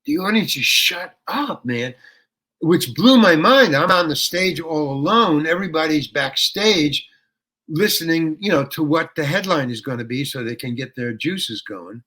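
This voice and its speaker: An older man, a guest actor telling a rambling story in an interview, with restarts that break into animated ranting. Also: fairly high pitch, unhurried.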